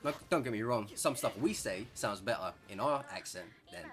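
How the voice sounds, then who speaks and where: A young man with an English accent giving chatty, excitable gameplay commentary, rambling and correcting himself as he plays. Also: lowish voice, normal speed, over music. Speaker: gaming streamer.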